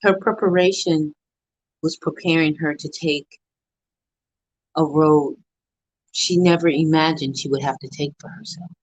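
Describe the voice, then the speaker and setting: A woman's voice: low-pitched, fairly even intonation, measured pace, pauses often, no room sound, low-quality recording. A middle-aged woman giving an earnest motivational talk on a live stream, with a preacher-like rhythm of repeated phrases. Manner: earnest, preacher-like cadence with repetition. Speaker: motivational speaker.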